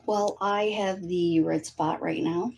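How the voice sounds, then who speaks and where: A woman guest on a casual livestream chat, enthusiastic and quick to agree. She speaks slowly in a low voice with a husky, gravelly grain. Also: fairly even intonation, a little mellow, a little hiss or hum.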